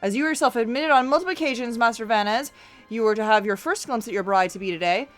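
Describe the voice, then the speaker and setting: A woman reading game dialogue aloud as a pompous, theatrical gentleman detective who declaims every line. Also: on the high side, fast talker, faint music behind, lightly acted. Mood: smug.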